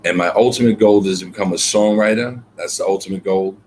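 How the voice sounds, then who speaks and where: Deep-voiced man telling his story. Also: fast, a little mellow, slight background noise. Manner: reflective, earnest, many fillers and repeated words. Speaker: guest poet. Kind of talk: storytelling in an interview.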